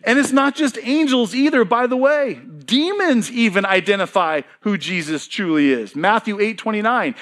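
Preaching at normal speed with few pauses, a middle-aged male pastor uses a fairly high voice and lively emphasis in his sermon. He quizzes the congregation, supplies the answers himself, and drives each point home with pitch that rises and falls.

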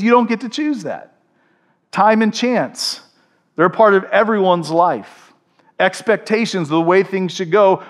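A man preaches to his congregation with a fairly high voice. He keeps the sermon animated, acting out voices in the stories he tells. He asks the listeners questions as he goes. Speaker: pastor. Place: church before a congregation.

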